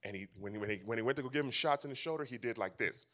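A male pastor preaching a sermon at a church camp meeting, swinging from loud emphasis to hushed near-whispers and repeating his key phrases. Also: medium pitch, very fast.

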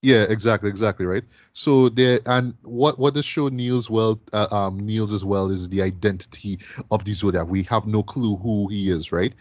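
A man's voice: on the low side, normal speed, hardly any pauses, no room sound. A man hosting a casual film review podcast, talking things through in a chatty way and tagging many phrases with "right?".

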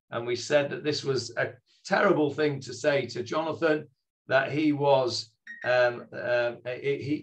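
A man's voice: medium pitch, fairly bright tone. A man leading an online Sunday morning scripture class over a video call, talking in a friendly, hesitant way with many fillers and restarts. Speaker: Bible teacher leading a class.

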